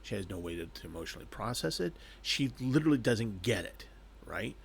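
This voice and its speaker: A man casually reviewing an anime, talking in an animated, rambling way and chuckling between thoughts. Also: fairly low pitch, brisk, gravelly, slightly rough.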